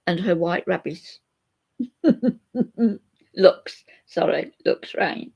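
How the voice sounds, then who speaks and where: An older woman vlogger chats openly with her live viewers in a rambling, emotional way, reading out their comments. Her fairly low voice has a dark, breathy edge and vocal fry, with drawn-out words and frequent pauses.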